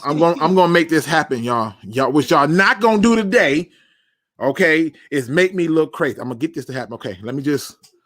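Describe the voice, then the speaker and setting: A man hosting a casual sports talk show, animated and laughing at himself. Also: on the high side, dry recording, clean studio sound. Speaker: podcast host.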